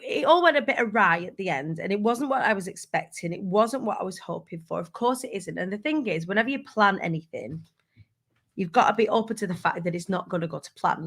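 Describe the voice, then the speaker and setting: A woman's voice: mid-range voice, a bit bright. A woman, telling a personal story to her viewers in a candid, self-mocking way and restarting her sentences often. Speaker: vlogger. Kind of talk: casual personal storytelling to camera.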